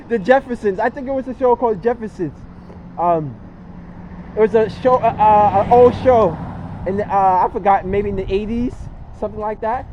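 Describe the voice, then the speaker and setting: Man, 20s, high voice, earnest and repetitive, filler-heavy self-help vlog talk, faint street noise. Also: normal speed, a little mellow, lo-fi sound. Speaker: vlogger. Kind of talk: casual motivational monologue.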